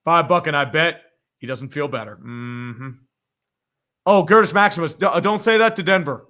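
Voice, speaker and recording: A man hosts a live reaction stream and talks in a blunt, profane, opinionated way. His voice sits a little high for a man and has a bright, forceful edge. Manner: blunt and profane, quick opinions, frequent laughs. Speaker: livestream host reading viewer donations.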